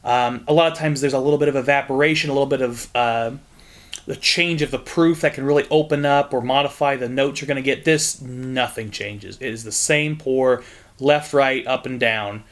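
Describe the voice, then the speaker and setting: A man's voice: mid-range voice, steady tone, normal speed. A young man from Southern Indiana giving a frank, joking whiskey tasting review, with the odd curse.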